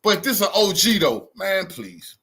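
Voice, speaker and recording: A man's voice: sits high, big pitch swings, measured pace, fairly bright tone, slightly rough. A man hosting a reaction commentary, talking in a mocking, sarcastic way. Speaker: commentary vlogger.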